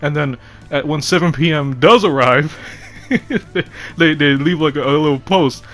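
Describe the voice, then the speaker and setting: A man's voice: on the high side, unhurried, a bit bright, soft background music. A man ranting casually to his viewers, rambling, laughing often and swearing freely. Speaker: vlogger. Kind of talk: casual rant to camera.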